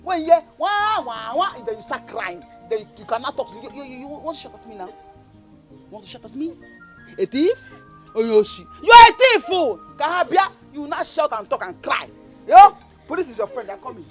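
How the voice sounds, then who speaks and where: A woman's voice: high-pitched, very animated, moderate pace, faint music behind. A woman with a Nigerian accent playing a scornful, mocking older sister in a Nollywood film. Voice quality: loud, mocking, taunting. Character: scornful bossy young woman bully.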